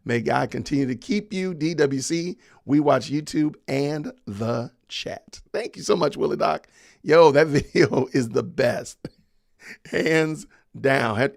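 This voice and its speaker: A man's voice: mid-range voice, vocal fry, no room sound, clean studio sound. A man hosting a podcast livestream, chatting casually and reading viewer comments aloud with frequent laughs. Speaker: podcast host.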